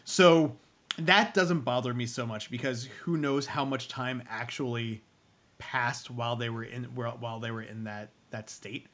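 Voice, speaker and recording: A man's voice: mid-range voice, fairly even intonation, normal speed, fairly bright tone. A man co-hosting a casual review show, talking in long rambling stretches with many restarts. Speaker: podcast co-host running the stream.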